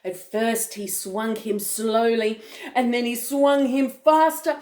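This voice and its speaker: A woman's voice: a little high, takes it slowly. Older woman reading a storybook aloud, playful. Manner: animated, playful, with gasps and chuckles. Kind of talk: reading a picture book aloud to a child.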